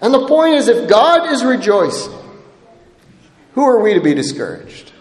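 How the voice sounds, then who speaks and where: A man's voice: very high voice, big pitch swings, normal speed. A man preaching a sermon, emphatic and checking in with the congregation by asking "right?" again and again. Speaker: pastor. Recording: echoey hall with long reverb.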